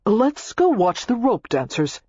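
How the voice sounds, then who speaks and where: Woman reading a dry, dour gentleman. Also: sits low, normal speed, slightly rough, no echo, muffled recording. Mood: low-key. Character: dry, practical young gentleman.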